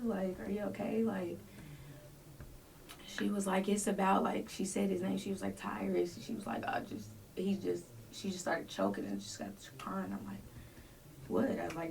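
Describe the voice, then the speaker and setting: A woman's voice: medium pitch, expressive, measured pace, creaky, a little mellow, far from the mic, slight background noise. A woman telling a personal story as a podcast guest, acting out voices and dropping to near whispers.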